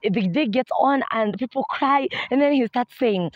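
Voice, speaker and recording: A young woman with a Kenyan accent telling a humorous personal story to her viewers in an animated way. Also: on the high side, moderate pace, no room sound, muffled recording. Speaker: vlogger. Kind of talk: storytime vlog.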